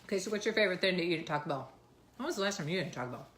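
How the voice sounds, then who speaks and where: A woman in her thirties with a low voice, rambling casually to her viewers. She talks in a loose, chatty way. The recording has a roomy echo. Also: animated, rapid-fire, a bit bright, slight background noise. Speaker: vlogger. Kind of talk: casual chat.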